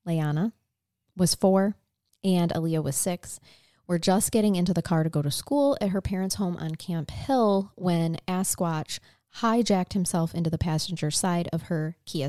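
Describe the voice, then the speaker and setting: This podcast co-host, a woman with a lowish, mellow voice, goes over a true crime case in an earnest, conversational tone, clearly emotionally moved. It's studio-quality audio with no room sound.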